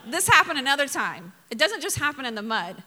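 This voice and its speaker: A woman's voice: high voice, sing-song, a little fast, bright, forceful tone, long reverb tail. A woman pastor from Mississippi preaching a sermon, telling funny stories with laughs and sudden emphatic bursts.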